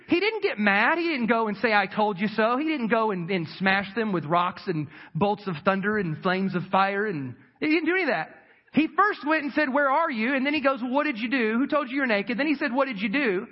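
A man's voice: high voice, highs cut off. A man preaching a sermon as pastor, chatty and repetitive, acting out quoted voices. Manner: conversational preaching, acts out quoted voices, repeats words.

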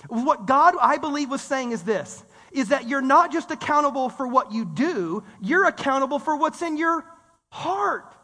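High, bright-voiced pastor preaching in a hall. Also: male voice, moderate pace. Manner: animated, conversational preaching with audience call-and-response. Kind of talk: sermon. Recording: reverberant hall sound.

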